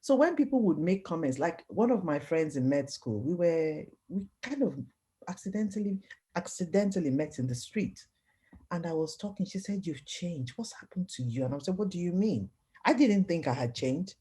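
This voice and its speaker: A middle-aged woman tells her personal story in an interview. Her voice sits on the low side, but her intonation swings widely as she acts out the people she quotes. She keeps the telling expressive and animated throughout. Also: moderate pace. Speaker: interview guest. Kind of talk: personal testimony in conversation.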